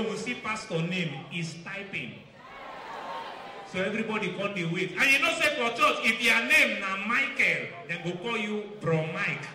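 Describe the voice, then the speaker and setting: A man with a Nigerian accent telling a stand-up story on stage, building up to loud punchlines. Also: sits high. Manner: storytelling, rising to shouts at punchlines. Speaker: stand-up comedian. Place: campus event hall. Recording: roomy hall with background noise.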